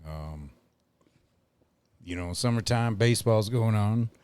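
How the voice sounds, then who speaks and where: Male podcast host, unhurried, lowish, filler-heavy casual chatter. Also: darkish tone, clean tone, no echo. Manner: rambling, filler-heavy, laughs often.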